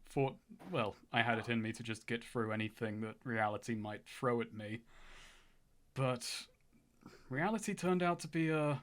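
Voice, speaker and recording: A thoughtful young adventurer weighing hard choices out loud, voiced by a man at the table. He talks earnestly with small hesitations, at a middling pitch and an even, everyday delivery. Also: normal speed, natural voice. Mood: reflective.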